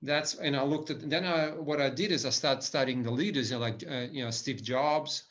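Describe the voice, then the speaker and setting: A man's voice: medium pitch, normal speed, a bit bright, muffled recording. A man giving a lecture to business leaders in an enthusiastic way, often restarting his sentences and adding "right?" tags. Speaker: business speaker.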